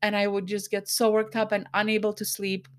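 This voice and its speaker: An angry woman speaks straight to her podcast listeners in a personal monologue, still worked up and frustrated. Her mid-range voice stays monotone while her talk comes in bursts, broken by quick asides.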